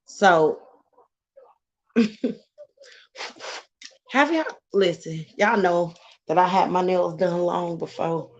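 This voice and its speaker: A woman's voice: fairly low pitch, slow, long pauses, dull audio. A middle-aged woman chatting casually on a live stream, greeting viewers by name and laughing often.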